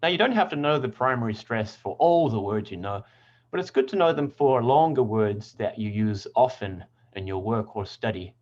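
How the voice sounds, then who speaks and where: A man teaching English pronunciation, speaking in clear, deliberate tones and carefully sounding out example words. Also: mid-range voice, expressive, a little mellow, dull audio. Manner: clear, deliberate word demonstrations. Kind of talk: scripted lesson narration.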